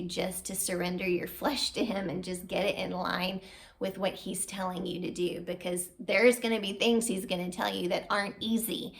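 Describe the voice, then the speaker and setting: A woman in her thirties giving an earnest, heartfelt faith testimony at home, encouraging the listener. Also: mid-range voice. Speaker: vlogger sharing a faith testimony. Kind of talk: personal testimony to camera. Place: home, at a table.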